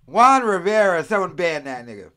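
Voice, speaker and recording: Podcast host, man from the US, crude rambling banter, fairly high, very lively voice. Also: normal speed. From United States. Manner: profane, rambling, mimics accents mid-story.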